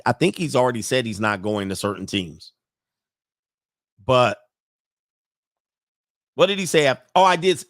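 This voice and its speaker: A man hosting casual sports commentary, animated and laughing often, with sudden high-pitched outbursts. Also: no room sound, studio quality.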